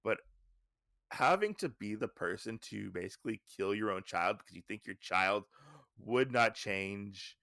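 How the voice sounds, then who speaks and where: A man's voice: fairly low pitch, animated, a little slow, gravelly, sharp tone, no echo, studio quality. A man hosting a podcast who recaps a comic in a casual, rambling way, with lots of restarts and "you know", lifting his voice when he paraphrases characters. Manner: paraphrases characters' lines in a lifted voice. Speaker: podcast host.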